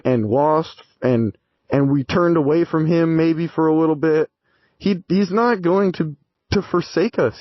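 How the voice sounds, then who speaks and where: A man's voice: fairly high pitch, dry recording, highs cut off. A man talking earnestly about his faith in a casual vlog, often restarting his phrases. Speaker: vlogger.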